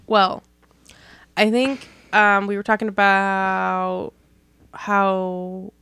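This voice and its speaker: A woman's voice: medium pitch, flat delivery, very slow, a bit bright, clear, resonant tone, dry recording. A woman co-hosting a podcast, chatting casually and teasing while retelling little arguments. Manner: teasing, retells quarrels with quoted voices. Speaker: podcast co-host. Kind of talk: casual chat.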